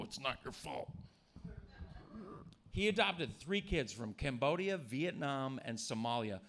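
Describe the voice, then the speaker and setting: A man's voice: mid-range voice, creaky, fairly bright tone. A man doing a crude, provocative stand-up set in a comedy club. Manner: crude, provocative, jumps into mocking voices.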